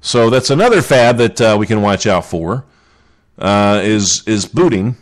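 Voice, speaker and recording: A man's voice: on the low side, lively intonation, measured pace. A man hosting a comedic show, rambling jokily through odd news stories and asking his listeners questions. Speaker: radio show host.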